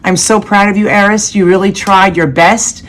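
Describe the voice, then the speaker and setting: A woman's voice: mid-range voice, fairly even intonation, moderate pace, a bit bright. A woman teacher giving heartfelt praise to her graduates over a video call. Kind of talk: speech to graduates.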